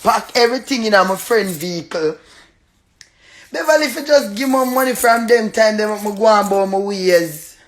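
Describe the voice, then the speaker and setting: A woman with a Jamaican accent, a tenant loudly cursing and taunting her landlord in patois during a real-life argument, breaking into laughter between insults. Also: medium pitch, expressive, moderate pace. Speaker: tenant in a dispute.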